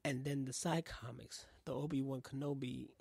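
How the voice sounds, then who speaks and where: A man's voice: medium pitch, moderate pace, vocal fry, breathy edge, no room sound. A man hosting a casual podcast monologue with a New York accent, swearing often and acting out little dialogues. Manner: profane, animated, acts out dialogue in voices. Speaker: podcast host.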